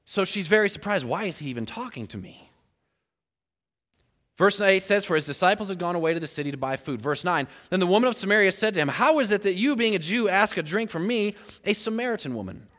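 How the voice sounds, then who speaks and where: Animated high-voiced male preacher. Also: fast talker, long reverb tail. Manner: animated, acts out the voices in the scripture story. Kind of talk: sermon.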